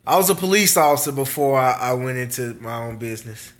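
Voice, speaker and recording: A man's voice: mid-range voice, lively intonation, brisk. A man, chatting and joking casually with viewers on his channel, laughing often. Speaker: small business owner and channel host. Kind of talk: casual live-stream chat with viewers.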